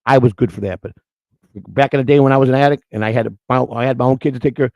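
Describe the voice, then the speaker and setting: Livestream host, middle-aged man, gravelly and quick, crude storyteller. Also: medium pitch, darkish tone, no echo. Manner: rambling, storytelling, crude and emotional. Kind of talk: casual chat with the live chat.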